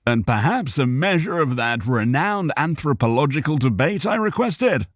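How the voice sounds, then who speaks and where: Casting: flamboyant cheerful adventurer, voiced by a man, raised and lilting, drawn-out words. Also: a little high, sing-song, dry recording, clean studio sound, pitched above the performer's own voice. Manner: flamboyant, polished diction. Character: cheerful theatrical male adventurer.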